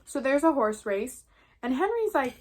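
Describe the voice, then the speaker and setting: Brief: teen girl vlogger, slightly high voice, casual storyteller, "like" in every line. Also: sing-song, normal speed. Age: teens. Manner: chatty, heavy use of "like". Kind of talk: casual retelling while eating.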